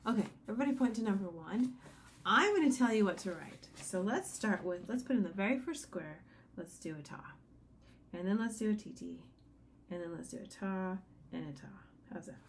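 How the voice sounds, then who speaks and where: A woman's voice: medium pitch, expressive, fairly quick, a little hiss or hum. A woman teaching a sight-singing lesson, giving patient step-by-step instructions and singing short examples. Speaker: music teacher.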